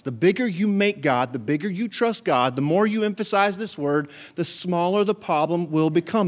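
Higher-voiced preacher man. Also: brisk, few pauses. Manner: preaching with call and response, rising to fervent emphasis. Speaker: pastor. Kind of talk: sermon. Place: church service.

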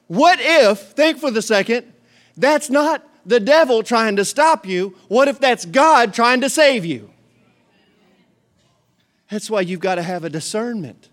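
A middle-aged man preaching a sermon, telling a story with lively acted-out voices and frequent laughter. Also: high-pitched. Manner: animated storytelling, acts out voices, laughs often. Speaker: pastor.

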